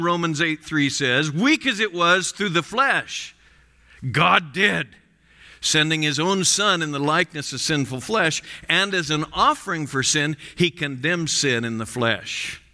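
A man preaching an expository sermon, reading scripture slowly with strong emphasis. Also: on the high side, animated, bright, forceful tone. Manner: emphatic, rising and falling for stress, slow deliberate reading. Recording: long hall reverb.

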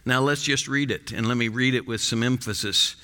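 Man, preacher, sermon, bright voice, long hall reverb. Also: medium pitch. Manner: emphatic, rising and falling for stress, slow deliberate reading. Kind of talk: expository sermon.

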